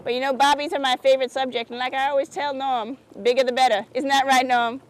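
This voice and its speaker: Actress as a perky craft-show host, high, folksy and sugary; outdoors by a lake. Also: female voice, level tone, quick pace, slight background noise, lightly acted, low-quality recording. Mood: cheery. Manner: chirpy, folksy and sugary, keeps asking "isn't that sweet". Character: perky, oblivious small-town woman who hosts a craft show. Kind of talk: comedic public-access TV hosting.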